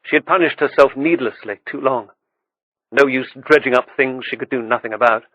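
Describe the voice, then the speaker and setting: A man reading an audiobook with steady, measured storytelling. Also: medium pitch, muffled recording. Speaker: audiobook narrator. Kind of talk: scripted audiobook narration.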